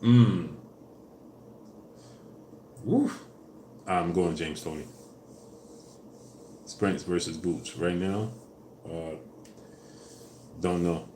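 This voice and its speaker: A man hosting a casual live stream, answering viewers in a relaxed way with fillers, louder when asking for likes. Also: sits low, slow pace, pauses often, a little hiss or hum. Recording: echoey room with faint ambience.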